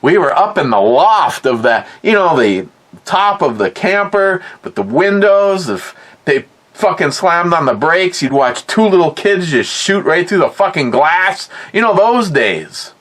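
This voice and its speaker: Middle-aged guy rambling through a story, talks slow, swears a lot, keeps repeating himself. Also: a little high, sing-song, fairly bright tone. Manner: rambling, profane, repeats words. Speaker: podcast host. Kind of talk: casual storytelling.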